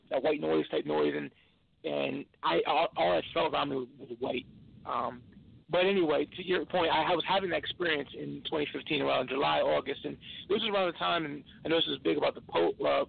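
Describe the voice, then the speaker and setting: A tired man, a podcast guest, telling an emotional personal story in an earnest, halting way with many restarts. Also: fairly high pitch, gravelly, slightly rough. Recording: tinny phone line.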